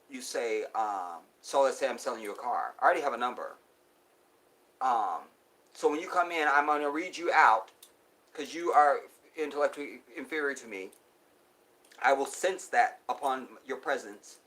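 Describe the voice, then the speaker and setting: A man hosting a live stream, preaching to his viewers and calling them y'all, swinging from loud outbursts to near whispers. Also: mid-range voice. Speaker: livestream host.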